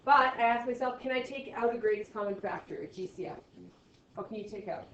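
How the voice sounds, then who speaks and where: Woman math teacher, higher voice, playful and wry, captured from across an echoey room on dull audio. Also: fairly quick, recorded from a distance, slight background noise. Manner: playful, sarcastic asides to students. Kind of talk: classroom lecture. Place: classroom.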